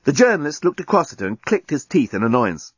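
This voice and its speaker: Husky, lively male audiobook narrator. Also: a little high, quick pace, no room sound, muffled recording. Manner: lively, theatrical storytelling.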